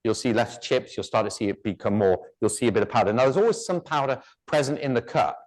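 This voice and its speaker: Male demo instructor, rambling and jokey, average pitch. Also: quick pace. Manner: chatty, joking, rambling asides. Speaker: woodturning demonstrator. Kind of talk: live workshop demonstration.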